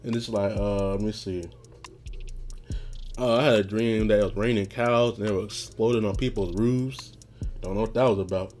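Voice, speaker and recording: A man hosting a podcast, telling stories in a casual, rambling monologue, often laughing and getting loud and animated when retelling something that angered him. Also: lowish voice, moderate pace, faint music behind. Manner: rambling, laughs often, frequent "you know what I'm saying".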